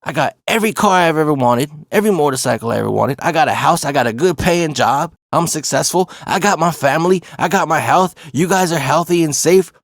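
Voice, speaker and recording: A man's voice: a little high, animated, a little fast, few pauses, no echo, studio quality, pitched above the performer's own voice. A man voicing his laid-back, proud father, who speaks broken English. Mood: proud, amused. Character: calm, proud middle-aged father.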